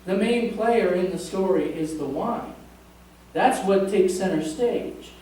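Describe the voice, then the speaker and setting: High-voiced pastor in an echoey church. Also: male voice, slow, mellow. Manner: conversational, jokes with the congregation. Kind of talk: sermon. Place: church sanctuary. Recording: echoey church from a distant mic.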